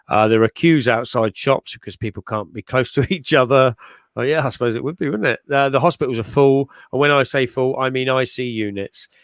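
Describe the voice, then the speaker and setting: A man's voice: mid-range voice, no echo. A man on a live chat show, hesitant and full of "uh" and restarts as he passes on news he was sent. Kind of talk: casual chat, reading out a message.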